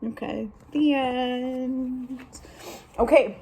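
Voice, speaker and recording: A woman teacher reading a picture book aloud to young students, animated and instructive, then giving them a drawing task. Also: fairly high pitch, measured pace, rough recording.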